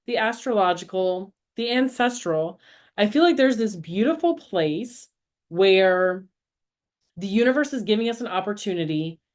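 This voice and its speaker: A woman co-hosting a podcast, talking in a casual, earnest and reflective way, often laughing at herself. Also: a little high. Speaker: podcast co-host. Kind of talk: casual spiritual conversation.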